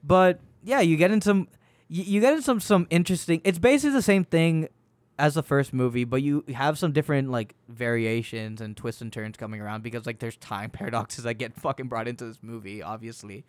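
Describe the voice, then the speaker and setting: A young male podcast co-host chats casually about a movie, cursing, wandering off track, and laughing while he tells it. The voice is mid-range and fairly quick, with no room sound.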